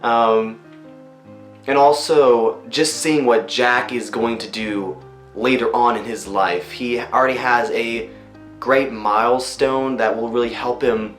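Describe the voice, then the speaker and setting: A man who works as a voice actor chats loosely about his roles in a behind-the-scenes interview, often pausing on ums and you-knows. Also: mid-range voice, fairly even intonation. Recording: roomy room echo. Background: faint music.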